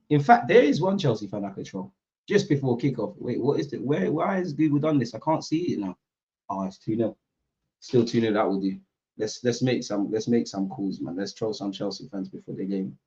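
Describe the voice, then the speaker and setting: A man's voice: mid-range voice, moderate pace, dull audio. A young man hosting a football watchalong, chatting casually and animatedly with slang to his live viewers. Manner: animated, slangy, banter with chat.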